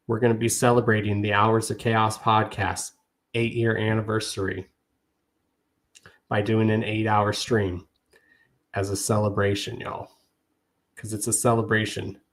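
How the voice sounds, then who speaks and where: Emotional low-voiced podcast host man. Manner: earnest, emotional, repeats "y'all" often. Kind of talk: heartfelt podcast monologue.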